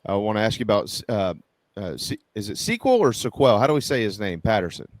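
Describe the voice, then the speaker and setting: A man's voice: on the low side, expressive, fast, a little mellow, dry recording. A man hosting a casual sports talk radio show, folksy and joking, rambling with restarts.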